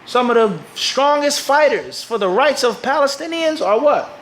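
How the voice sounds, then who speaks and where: A man's voice: extremely high pitch, expressive, normal speed, a bit bright, echoey room, slight background noise, poor audio. A man from Philadelphia with an American accent, teaching a live audience and often asking rhetorical questions before answering them himself. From Philadelphia, USA. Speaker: Islamic teacher.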